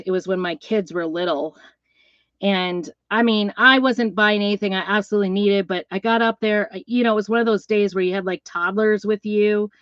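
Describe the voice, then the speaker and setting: A woman's voice: medium pitch, no room sound. Middle-aged lady chatting away while she crafts, rambly, dry slightly muffled sound. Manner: rambling, storytelling, talks while working with her hands. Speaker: craft seller and host. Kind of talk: chatty live craft demonstration.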